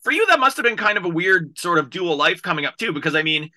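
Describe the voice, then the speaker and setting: A man's voice: high-pitched, very animated, quick pace, pushed and bright. A man hosting a podcast, asking long, winding questions. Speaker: podcast host. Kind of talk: interview questions.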